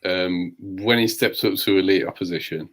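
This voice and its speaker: A man co-hosting a live talk show, giving measured, opinionated views. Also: low voice. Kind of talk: casual talk show discussion.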